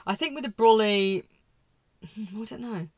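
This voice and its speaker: A woman's voice: fairly high pitch, measured pace, no room sound, clean studio sound. Wistful woman. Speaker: podcast co-host. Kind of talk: casual chat and poetry reading.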